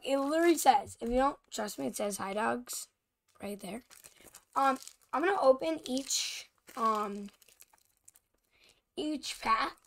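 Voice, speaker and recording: A female host talks through a card-opening video at a slow, unhurried pace, her fairly high voice carrying a gravelly edge of vocal fry. She halts often, fills gaps with fillers, and keeps apologizing for stumbling over names. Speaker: channel host showing baseball cards. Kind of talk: casual card-opening commentary.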